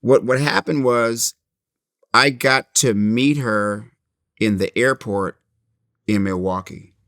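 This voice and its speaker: A middle-aged man, a comedian guest in an interview, telling his story in a lively way and acting out the people he quotes. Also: mid-range voice, takes it slowly, dry recording, clean studio sound. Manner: animated storyteller, acts out quotes.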